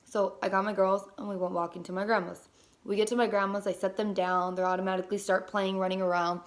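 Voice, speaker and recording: Speaking quickly at medium pitch, a young mother tells a personal story in a casual, lively way, sprinkling in lots of fillers and offhand swearing.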